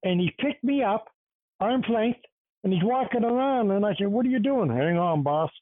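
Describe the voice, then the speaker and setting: An older man who once wrestled, telling a story in a relaxed casual chat. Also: very high voice, moderate pace, no room sound. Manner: relaxed storyteller, frequent short replies. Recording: dry tinny phone-like line.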